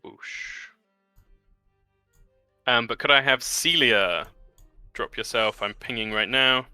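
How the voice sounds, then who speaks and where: A man narrating a tabletop game as game master, relaxed with many fillers. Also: mid-range voice, unhurried, smooth, no echo, faint music behind.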